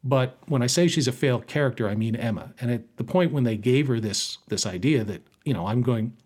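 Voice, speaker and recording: A man co-hosting a casual podcast, talking in an animated, joking way. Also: mid-range voice, breathy edge. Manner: animated, joking, quick to riff. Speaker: podcast co-host. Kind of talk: casual chat.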